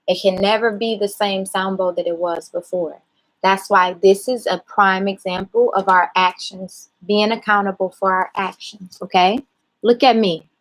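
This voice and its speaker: A woman talks to her child in a calm, measured way, steering her with patient questions. She is holding back tears as she speaks. Her voice sits at an ordinary pitch for a woman. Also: poor audio. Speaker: mother. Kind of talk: parent talking a child through a mistake.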